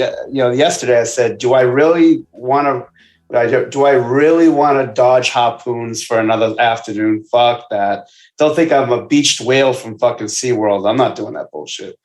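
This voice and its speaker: Man, basketball trainer, swears constantly, animated storyteller, medium pitch, echoey room. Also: normal speed, soft background music. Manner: profane, animated storytelling with asides. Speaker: basketball trainer, podcast guest. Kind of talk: casual podcast chat. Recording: roomy echo.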